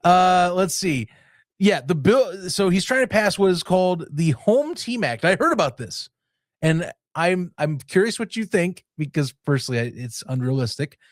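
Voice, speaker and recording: A man's voice: high-pitched, sing-song, normal speed, no room sound, studio quality. A man in casual sports podcast talk, rambling and self-interrupting, laughing often.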